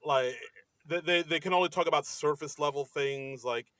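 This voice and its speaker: Guy cohosting a podcast, rambling sketch recap, bright voice, dry mic. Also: fairly high pitch, normal speed, dry recording. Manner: rambling, filler-heavy recaps. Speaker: podcast co-host. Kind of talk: casual sketch review chat.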